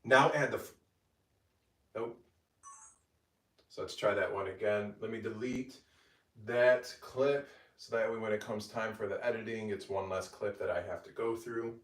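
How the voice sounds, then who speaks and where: A man's voice: fairly low pitch, fairly even intonation, normal speed. A man cooking at home and recording recipe voiceovers, who stops mid-phrase, laughs at his own slips and redoes the take. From Egypt. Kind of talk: casual behind-the-scenes vlog with recipe voiceover takes. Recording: roomy, mic some distance off.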